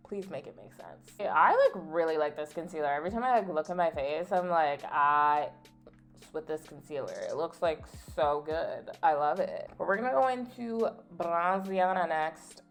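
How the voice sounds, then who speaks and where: Chatty young woman, low-pitched, faint music. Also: lively intonation, moderate pace. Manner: chatty and candid, peppered with "like"; playfully indignant storytelling. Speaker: beauty vlogger. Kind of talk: casual get-ready-with-me chat.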